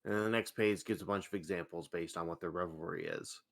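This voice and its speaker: A man's voice: low voice, brisk, gravelly. A man running a tabletop game as game master, steadily explaining rules and page numbers.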